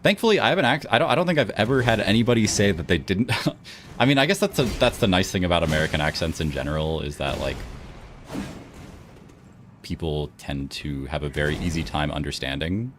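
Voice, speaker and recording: A man's voice: sits low, lively intonation, a little fast, noisy background. A man with a Texan accent, chatting casually with viewers while streaming a game, laid-back and talkative. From Texas. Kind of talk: casual chat while gaming and reading chat.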